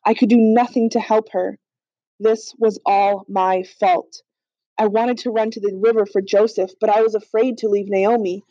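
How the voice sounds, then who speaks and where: A woman reads a fan audiobook with steady, earnest narration. Her voice is mellow and sits in a dry space, with slightly dull, lo-fi audio. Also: mid-range voice, normal speed, dry recording. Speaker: audiobook reader. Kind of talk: storybook narration.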